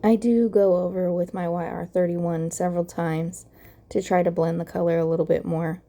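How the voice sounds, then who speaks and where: A young woman talks through a card-making tutorial in a calm, methodical voice-over. Her voice is low and mellow, with a gravelly, crackly early-morning roughness running through it. She explains each step plainly and evenly. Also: moderate pace, faint music behind.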